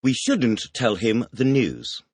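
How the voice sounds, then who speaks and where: A man reading the teacher's questions in a scripted audio language lesson, announcing words and asking quick questions. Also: mid-range voice, very animated, a little mellow, breathy edge, dry recording. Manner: announces words, then fires quick questions with a clipped "please".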